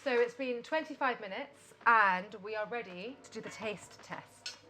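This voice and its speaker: A woman's voice: fairly high pitch, normal speed, bright, forceful tone, faint music behind. A woman in her thirties chatting in a bubbly, laughing way while cooking in a home kitchen. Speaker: vlog host cooking. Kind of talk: casual cooking chat.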